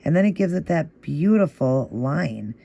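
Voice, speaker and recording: Walking viewers through a nail art tutorial, a man speaks casually and step by step in a gravelly, mellow voice that runs a little high and a little slow, with the highs cut off. He patiently repeats each move in a steady rhythm and cheers the viewer on.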